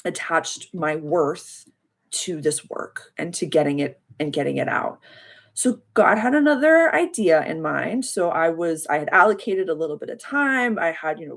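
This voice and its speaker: A woman chats casually on a livestream, her voice sitting a little low. She tells a long story in a heartfelt, rambling way, often stopping to thank her viewers. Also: gravelly. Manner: addresses viewers by name and thanks them warmly. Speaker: spiritual coach hosting a live members' call.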